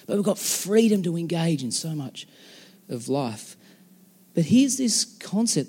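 A man preaching a conversational, emphatic sermon with dramatic pauses as a pastor. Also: a little high, sing-song, warm tone, husky. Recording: long hall reverb.

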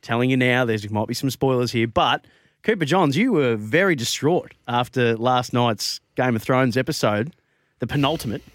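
Upbeat radio host. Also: male voice, medium pitch, animated, moderate pace, dry recording. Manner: upbeat, teasing. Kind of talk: casual radio chat. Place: radio studio.

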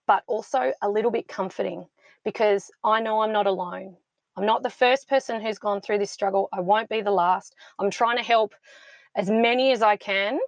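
A woman's voice: mid-range voice, no room sound. A woman in her thirties talks with fierce, rallying conviction. Her voice sits in an ordinary middle register, and the recording is close and dry with no room sound. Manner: passionate, emphatic, rallying. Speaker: podcast guest, founder of a mothers' support club. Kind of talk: heartfelt interview talk.

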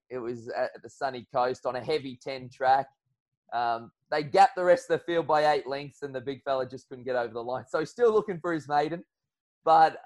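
An Australian man, a guest on a chat podcast, telling a story in a relaxed way, full of ums and restarts. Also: medium pitch. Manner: relaxed yarn-spinning with frequent fillers.

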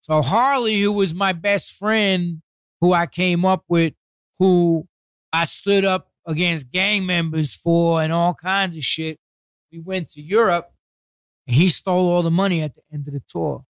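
This high, fairly bright voice is clear and resonant, with fairly even intonation, recorded dry. It belongs to a New York City man guesting in a casual interview, who tells old stories full of heavy swearing and blunt street talk while quickly impersonating what others said.

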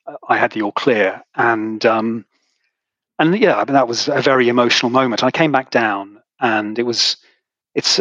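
Middle-aged male guest, husky, dry close sound, emotional and halting. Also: medium pitch, fairly bright tone, no room sound, rough recording. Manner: halting, emotional, many restarts. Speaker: podcast guest, author. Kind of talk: conversational interview.

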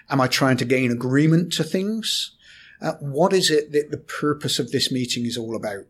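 A man, a corporate trainer explaining communication in a podcast discussion, measured and hesitant at times. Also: medium pitch, animated, breathy edge.

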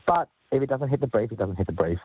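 A man, a chef guest, speaking earnestly and warmly as he is interviewed on the radio. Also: medium pitch, expressive, quick pace, no echo. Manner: earnest, upbeat, gentle laughs. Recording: husky, dry phone-line sound.

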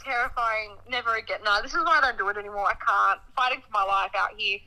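A young woman telling a story in casual chat, dramatic and animated, acting out what people said. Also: medium pitch, fast talker, rough recording. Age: young adult. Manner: animated, dramatic storytelling with laughter and acted-out quotes.

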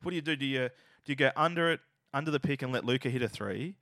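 A man's voice: medium pitch, fast talker, sharp tone, dry recording. An Australian man co-hosting a basketball podcast in casual, profane, opinionated chat. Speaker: podcast co-host.

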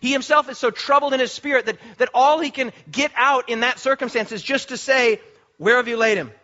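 A man preaching a sermon with passion, repeating phrases and rising to shouts for emphasis. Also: very high-pitched, steady tone, a little fast, highs cut off.

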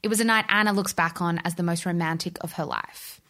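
A woman giving scripted podcast narration in a measured, even read. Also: on the low side.

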